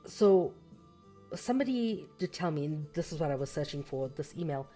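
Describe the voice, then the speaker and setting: A woman's voice: sits low, expressive, moderate pace, mellow, soft background music. A woman hosting a casual livestream, reading a book and talking it through thoughtfully, with fillers and self-corrections and a slightly scratchy throat.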